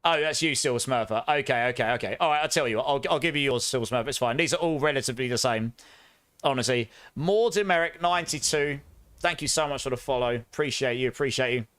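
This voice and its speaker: A young man talks casually through a live game stream, upbeat and chatty with his viewers. His voice is smooth and clear, at an everyday middle pitch. The sound is close and dry, as from a mic at his desk. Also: fast talker, a bit bright, dry recording. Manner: chatty, upbeat, announcing giveaway winners. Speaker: streamer host.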